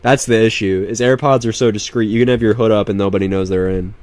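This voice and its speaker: A man's voice: fairly low pitch, quick pace, no echo. Rambling young man, dry close sound. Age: young adult. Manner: rambling, profane, animated, with laughs and restarts. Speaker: vlogger. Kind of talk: casual storytelling.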